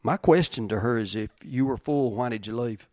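A man's voice: mid-range voice, moderate pace, darkish tone, no echo. Man, preacher, sermon, reads scripture, emphatic repetition, dry recording. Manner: emphatic, repeats key lines, reads old-style verses.

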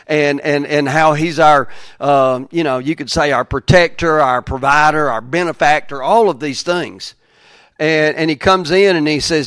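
A middle-aged pastor preaching a sermon, halting with many fillers and then building to fervent emphasis. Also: male voice, fairly high pitch, fairly bright tone, no echo, studio quality.

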